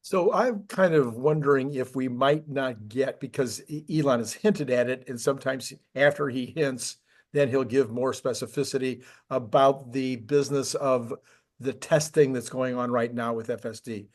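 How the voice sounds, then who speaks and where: A man's voice: mid-range voice, moderate pace. A man with an ordinary mid-range voice co-hosts a casual tech talk. He rambles with enthusiasm, restarting phrases and piling up questions as he goes. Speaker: podcast co-host.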